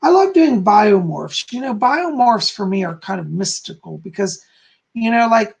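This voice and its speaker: A man hosting a casual live stream, hoarse and clearing his throat, rambling with many fillers while reading out chat comments. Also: high-pitched. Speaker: live stream host, psychic.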